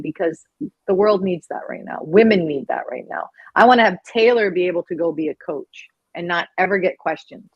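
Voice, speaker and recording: A woman hockey coach speaking as a guest, outspoken and energetic. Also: medium pitch, dry recording, highs cut off. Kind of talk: casual interview talk.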